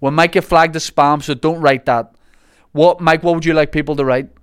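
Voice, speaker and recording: A man's voice: a little high, fairly even intonation, clean tone, dry recording, studio quality. Guy hosting a podcast, teasing and joking around, casual. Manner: jokey, teasing, quick asides. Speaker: podcast host.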